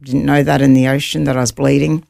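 A woman telling a guest story in a heavily gravelly, creaky voice, sounding dry and close to the mic. She talks in an animated way and retells each moment vividly. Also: a bass voice, fast, no room sound. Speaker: guest, author. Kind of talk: interview storytelling.

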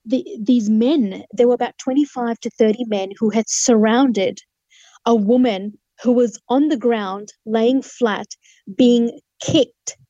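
A woman's voice: a little high, mellow, no echo, muffled recording. A woman telling a personal testimony as an interview guest, earnest and vivid, with restarts and acted-out quotes.

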